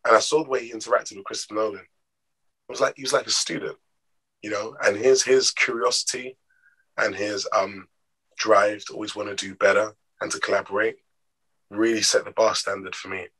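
A man with a lowish, husky voice who recounts anecdotes with energy, slipping into the voices of the people in them. His delivery is expressive and conversational, fitting an interview. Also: brisk, low-quality recording. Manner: expressive, acts out quoted dialogue. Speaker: actor guest. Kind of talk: animated storytelling in an interview.

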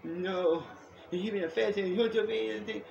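A man rambling excitedly in a home video monologue, repeating himself and jumping between topics. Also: sits high, a little fast, creaky, dull audio, slight background noise. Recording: echoey room.

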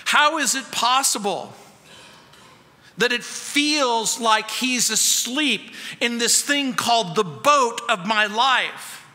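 A man, the pastor, preaching a sermon and piling up rhetorical questions, with his voice swinging between loud and soft. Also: very high-pitched, lively intonation, slow, in a large hall.

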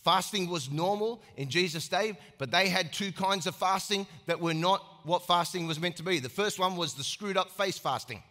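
A man preaching a sermon as pastor, emphatic and animated, acting out little scenes. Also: sits high, moderate pace, few pauses. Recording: echoey hall.

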